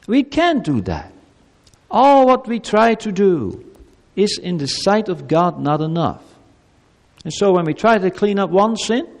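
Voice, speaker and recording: A male pastor preaching an earnest sermon to children and a congregation. He swings between loud emphatic lines and soft, low asides. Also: vocal fry. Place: church. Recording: long hall reverb.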